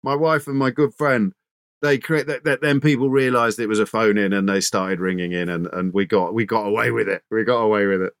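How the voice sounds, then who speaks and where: A man's voice: fairly low pitch, brisk, clean tone, no echo. Man telling a story, dry sound. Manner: animated anecdotal, restarts often. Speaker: radio presenter, guest. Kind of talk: casual interview storytelling.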